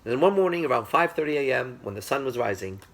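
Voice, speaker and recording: A man teaching through storytelling, animated and speaking straight to his listeners, with a gravelly, husky voice. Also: medium pitch, quick pace. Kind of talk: storytelling lecture.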